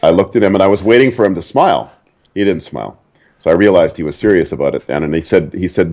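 A man's voice: low voice, animated, fast talker, a little mellow, highs cut off. An older man from Canada, a stunt performer, telling stories casually and chuckling at his own anecdotes. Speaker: interview guest, stunt performer.

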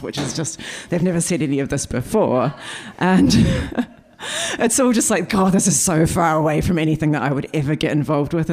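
A woman performing a storytelling stand-up set before a live audience, chatty and animated, quoting people in quick asides. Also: deep voice. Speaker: stand-up comedian.

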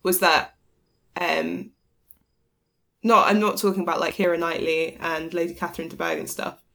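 A woman's voice: on the low side, flat delivery, moderate pace, vocal fry, pushed and bright. A woman in her late twenties co-hosts a podcast in a loose, casual chat. She rambles eagerly, often restarting her sentences as her ideas tumble out. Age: late 20s. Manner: enthusiastic, rambling, many restarts. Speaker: podcast co-host.

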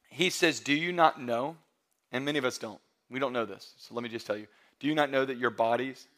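A man in his thirties preaching a sermon as pastor, emphatic and building to loud peaks, mixing in humorous stories. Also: mid-range voice. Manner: emphatic, rising to near-shouting peaks; storytelling with humor and quoted voices.

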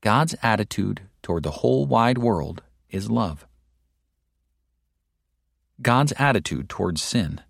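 A man delivering a sermon in a slow, deliberate and emphatic way, with stern rebuking asides. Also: on the low side, animated, creaky, no echo, clean studio sound. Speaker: preacher. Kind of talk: sermon read aloud.

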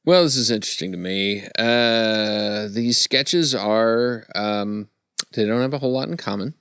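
Wry, smooth-voiced man in dry studio. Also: fairly low pitch, a little slow, fairly bright tone, dry recording. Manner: wry, analytical, dry humor. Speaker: podcast panelist. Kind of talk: casual podcast discussion.

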